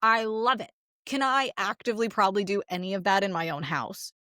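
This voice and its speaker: A woman's voice: medium pitch, animated, brisk, bright, forceful tone, no room sound, studio quality. A woman therapist co-hosting a podcast in casual chat, talking bluntly and animatedly, acting out quoted voices.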